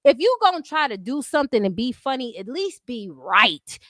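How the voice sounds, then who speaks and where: Fired-up woman streamer cussing out her chat, high voice, dry close sound. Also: very animated, normal speed, a bit bright, no echo. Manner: profane, combative, talks to her chat. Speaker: livestream host. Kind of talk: heated casual commentary.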